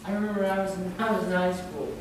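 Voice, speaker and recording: A male pastor delivers an emphatic sermon, repeating his points and breaking into chuckles as he tells stories. His voice rings through a very echoey church hall, caught from some distance off the microphone. A steady hum of room noise sits underneath. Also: sits high, racing. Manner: emphatic, repetitive, storytelling with chuckles. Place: church sanctuary.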